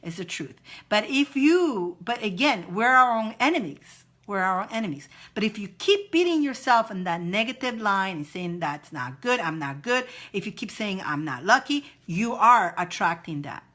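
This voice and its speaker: A woman's voice: mid-range voice, animated, moderate pace, hardly any pauses, fairly bright tone. A woman hosting a live-stream spiritual advice chat, encouraging viewers with repeated phrases and reading out their comments. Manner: repetitive, encouraging, reads viewer comments aloud.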